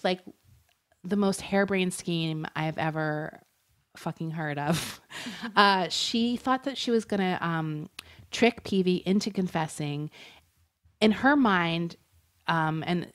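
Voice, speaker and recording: A podcast co-host tells a true-crime story in a casual, chatty way, full of fillers and frequent laughter. Her voice is fairly low and measured in pace.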